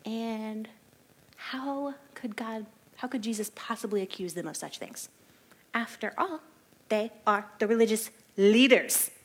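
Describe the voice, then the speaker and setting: Woman, somewhat high voice, relaxed Bible-study teacher, lively and chatty. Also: a little slow, slightly rough. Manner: chatty and animated, laughs often, says "like" a lot.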